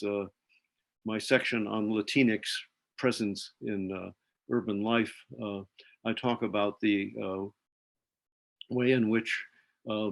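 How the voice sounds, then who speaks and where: A man speaking as a film scholar on a webinar panel, measured and explanatory, talking over a video call. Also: on the low side, creaky. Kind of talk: academic panel discussion.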